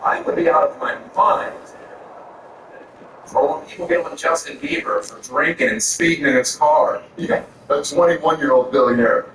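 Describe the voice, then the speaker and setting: A man's voice: on the high side, lively intonation, normal speed, noisy background. A man from Florida doing a stand-up set on a comedy club stage, ranting crudely. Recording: echoey room from far off, audience ambience.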